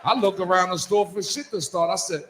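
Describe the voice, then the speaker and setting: A brash male stand-up comic with a high voice, firing off profane stories and sudden impressions. He is recorded live in an echoey club. A crowd murmurs under every line. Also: fairly even intonation, a bit bright, a little hiss or hum. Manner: brash, profane storytelling with quick put-on voices. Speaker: stand-up comedian. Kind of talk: stand-up comedy set. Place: comedy club stage.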